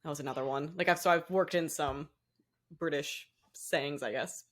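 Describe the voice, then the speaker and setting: A woman's voice: low voice, normal speed. A young woman co-hosting a podcast in casual chat, rambling and cutting herself off, laughing often. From Boston area, US. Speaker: podcast co-host.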